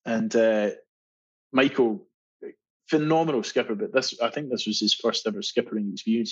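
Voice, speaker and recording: Scottish swimmer guy chatting on a podcast, breathy voice, laughs a lot, muffled audio. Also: medium pitch, measured pace. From Scotland. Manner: animated storyteller, laughs often, many restarts. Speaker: marathon swimmer guest. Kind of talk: casual storytelling interview. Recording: dull lo-fi sound.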